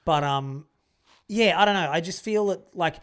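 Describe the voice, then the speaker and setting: Animated high-voiced male storyteller. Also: moderate pace, clean tone. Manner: animated storyteller acting out movie scenes. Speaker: podcast co-host. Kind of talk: casual chat.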